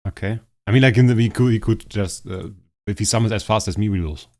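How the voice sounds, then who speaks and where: A hoarse man streaming a game live, commentating and fretting over a rival player while talking to his chat. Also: fairly low pitch, fast talker, a little mellow. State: hoarse, strained voice.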